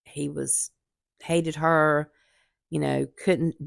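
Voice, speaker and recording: A woman's voice: sits low, little pitch movement, very slow, gravelly, dry recording, studio quality. A woman, candidly and earnestly telling her own story in a casual vlog. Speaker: vlogger.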